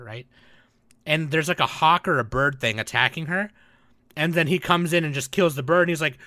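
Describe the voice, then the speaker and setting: A man's voice: a little high, brisk, pushed and bright, no room sound. A man co-hosting a podcast in casual chat, animatedly retelling scenes and acting out lines, swearing often. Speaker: podcast co-host.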